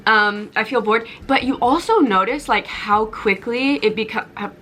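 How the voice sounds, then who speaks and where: A woman's voice: fairly high pitch, normal speed, bright, forceful tone, a little hiss or hum, rough recording. A young woman in her twenties chatting casually to camera at home, rambling and self-deprecating. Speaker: vlogger. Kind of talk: casual vlog chat to camera. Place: home kitchen and bedroom.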